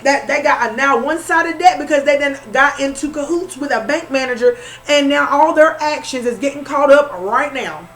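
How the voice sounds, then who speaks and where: High-voiced woman giving a spiritual reading. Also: normal speed, hardly any pauses, fairly bright tone, rough recording. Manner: conversational, repetitive, emphatic. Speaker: spiritual reader.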